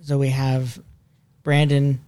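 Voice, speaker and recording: A man's voice: medium pitch, completely flat delivery, slow pace, warm tone, smooth. A man hosting a casual podcast chat with friends, rambling with fillers and laughing often. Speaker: podcast host. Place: basement room.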